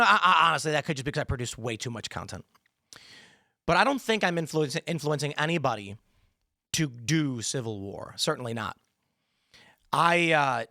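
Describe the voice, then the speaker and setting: Bright, punchy male political commentator. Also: a little high, dry recording, clean studio sound. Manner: emphatic, rambling, sarcastic asides.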